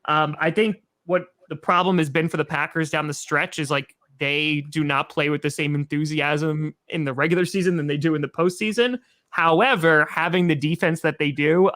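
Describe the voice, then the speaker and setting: A man's voice: a little high, a bit bright, dry recording. A young man co-hosting a sports podcast, talking casually and rambling through his picks. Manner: rambling, quick picks, laughs often.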